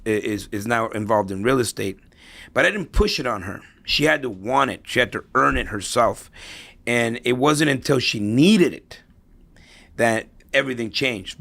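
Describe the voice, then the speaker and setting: A middle-aged man with a gravelly, fry-laden voice of middling pitch tells stories as a podcast guest. He talks in a reflective, motivational way, circling back over his phrases and checking in with a "right?" now and then. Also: a bit bright. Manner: storytelling, repeats himself, tags lines with "right?". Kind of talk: conversational podcast interview.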